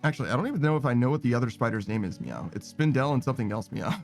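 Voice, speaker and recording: A young man streaming a game, chatting casually and rambling, ending nearly every phrase with a quick "meow" and swearing now and then. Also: medium pitch, faint music behind. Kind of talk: casual gaming stream chat.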